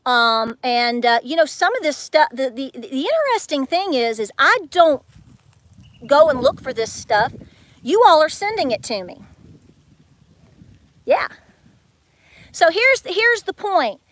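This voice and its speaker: Chatty high-voiced woman. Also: unhurried, long pauses. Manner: chatty, animated, acts out quotes with big pitch swings. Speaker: homestead vlogger. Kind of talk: casual storytelling to viewers.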